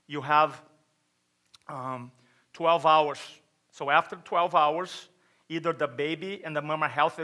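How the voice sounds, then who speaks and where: Brazilian guy on stage telling his story, bright voice, kinda high, acts out what people said. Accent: Brazilian Portuguese. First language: Portuguese. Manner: storytelling, acts out quotes, asks the audience. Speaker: speaker at a chiropractic event. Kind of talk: motivational stage talk.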